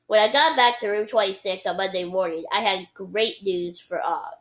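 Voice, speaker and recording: A woman's voice: mid-range voice, moderate pace, low-quality recording. A woman reading a children's book aloud expressively, with playful sound effects and occasional slips. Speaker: reader.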